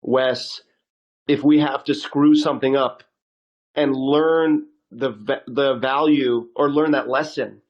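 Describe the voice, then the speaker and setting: A man co-hosting a podcast who talks casually and relaxed, often saying "like" and "right?". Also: medium pitch, slow pace. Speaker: podcast co-host. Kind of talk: casual chat. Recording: dull lo-fi sound.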